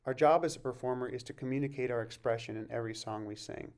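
A man teaching a vocal masterclass, explaining warm-ups and breathing in a relaxed way and breaking off to sing short examples. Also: mid-range voice, quick pace. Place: music camp masterclass recording.

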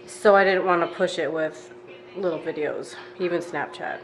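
A woman's voice: lowish voice, normal speed. Chatty woman vlogging from her kitchen. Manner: chatty, wry and exasperated. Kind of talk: casual vlog chat. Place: home kitchen.

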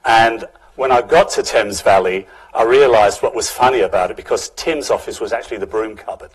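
An older man with a Cockney accent, giving a relaxed public lecture full of anecdotes. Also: lowish voice, fairly quick, slightly rough, rough recording. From England, London. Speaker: guest speaker, professor.

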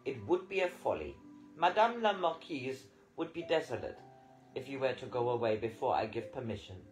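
A man's voice: medium pitch, lively intonation, moderate pace, faint music behind, natural voice, low-quality recording. A man voicing a jovial little male French country doctor who reassures with fussy good cheer. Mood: cheerful reassuring.

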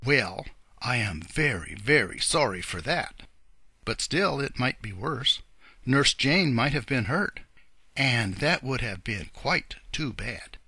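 A man voicing a kindly old rabbit gentleman who speaks in a polite, old-fashioned, earnest way. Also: mid-range voice, lively intonation, slow, breathy edge, dry recording, exaggerated voice. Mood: dismayed.

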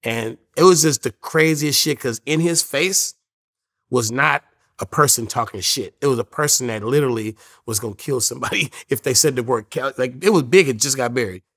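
A rapper in his fifties, interviewed as a guest, tells casual stories at a normal speed. His mid-range voice has a fairly bright tone. He is laid-back and profane, imitating people's voices when he quotes them.

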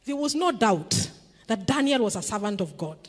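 A woman's voice: a little high, sing-song, moderate pace, big-room sound. A middle-aged woman from Kenya preaching a sermon in a church, emphatic and asking the congregation questions. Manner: emphatic, call-and-response questions.

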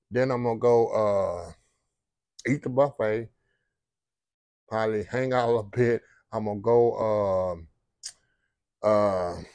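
On a cruise ship, a man from Texas narrates his food vlog in a folksy, chatty way, repeatedly addressing his audience as "y'all." His voice is on the low side, creaky and a little mellow, in a dry, rough recording with busy crowd chatter in the background.

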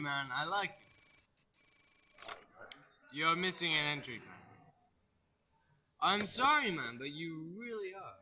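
A young man with an Australian accent narrating a video game in loud, rowdy bursts, cursing as he goes. His voice sits high and comes across sharp and piercingly bright. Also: slight background noise. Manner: loud, excitable, swears a lot. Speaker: gaming YouTuber. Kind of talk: let's play commentary.

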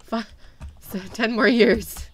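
A young woman streaming a game, chatting animatedly with her viewers and laughing often. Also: on the high side. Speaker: VTuber streamer. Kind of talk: casual gameplay commentary.

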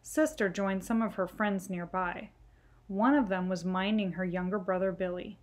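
A woman reading a children's book aloud, gentle and clear. Her storytelling is calm and even-paced. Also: medium pitch, moderate pace. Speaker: storytime reader.

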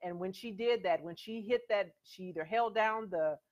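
A woman's voice: medium pitch, moderate pace, highs cut off. A middle-aged woman hosting her own show, talking casually and emphatically as she tells stories. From USA. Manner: conversational and emphatic, storytelling with quoted voices. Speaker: host. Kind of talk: casual commentary.

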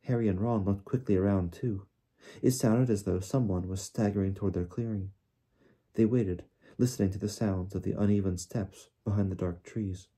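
A man narrating an audiobook in a steady storytelling manner. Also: lowish voice, moderate pace, breathy edge. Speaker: audiobook reader.

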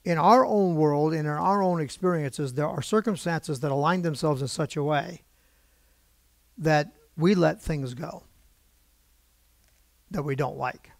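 An American pastor with a fairly high voice and some vocal fry preaches unhurriedly from a church pulpit, leaving long pauses. Recorded dry in studio quality, he talks conversationally with the congregation, asks them questions, and grows emotionally worked up.

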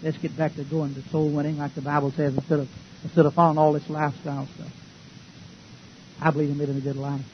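Speaking quickly in a level tone, this slightly high-voiced man preaches a sermon as a pastor, folksy and emphatic, throwing rhetorical questions at the congregation. A faint hiss sits under the dull lo-fi audio.

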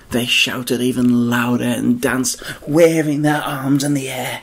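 A man telling a Bible story to children in an expressive storyteller's manner, now and then speaking straight to the kids. His voice has a gravelly, husky grain at a middle pitch. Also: measured pace, few pauses. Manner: expressive, addresses children directly.

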